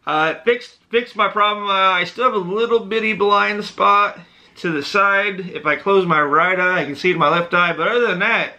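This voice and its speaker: A man hosting a reaction video, telling a story in an animated, excitable way. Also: high-pitched, normal speed. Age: adult with a child. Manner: animated, excitable retelling with dialogue voices.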